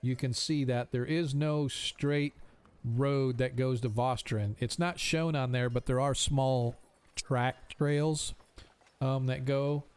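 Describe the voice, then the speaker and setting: Man as tabletop game master, smooth tone, explains rules and fills pauses with ums. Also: mid-range voice, fairly even intonation, darkish tone. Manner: thinking aloud, many ums.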